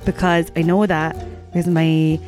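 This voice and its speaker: Giggly Irish woman, low-pitched. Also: little pitch movement, moderate pace, music in the background. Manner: giggly, laughs often, game for a joke. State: jet-lagged. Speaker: podcast co-host. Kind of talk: casual podcast banter.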